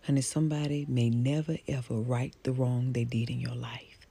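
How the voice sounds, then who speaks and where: A middle-aged woman talks straight to the camera in a soft, intimate way, often sinking into a whisper. Her voice is husky and gravelly with a lot of fry. She speaks with folksy warmth and calls the listener honey and baby. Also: rumbling low, level tone, normal speed. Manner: soft-spoken, intimate, gentle and affectionate, often drops to a whisper. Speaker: social media personality. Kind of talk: motivational talk to camera.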